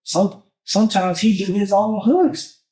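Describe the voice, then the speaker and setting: Male musician guest, casual and lively, heavy slang and profanity. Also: high voice, measured pace, low-quality recording. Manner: animated, profane, street slang. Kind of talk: casual conversation.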